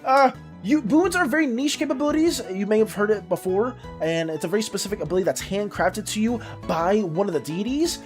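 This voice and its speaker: A woman streamer chatting casually with her viewers. She often trips over her words and is quick to apologize. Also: mid-range voice, lively intonation, a little mellow, faint music behind. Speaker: art streamer.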